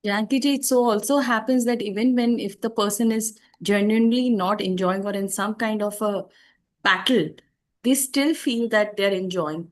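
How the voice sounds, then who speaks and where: A woman speaks up in a class discussion. She hesitates, restarts and searches for the right words as she shares a personal point. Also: medium pitch. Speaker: student asking a question.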